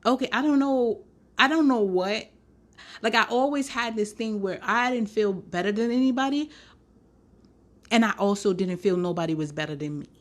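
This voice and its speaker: A young woman hosting a podcast, telling a story in a sassy, animated way with lots of slang and laughter. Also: medium pitch. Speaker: podcast host. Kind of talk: casual storytelling.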